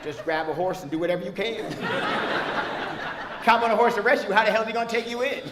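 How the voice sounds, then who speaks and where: A male stand-up comedian teasing the audience, loud, with bursts of shouting. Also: high-pitched, brisk. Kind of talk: stand-up crowd work. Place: comedy club. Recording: echoey club, crowd and noise behind. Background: audience laughter.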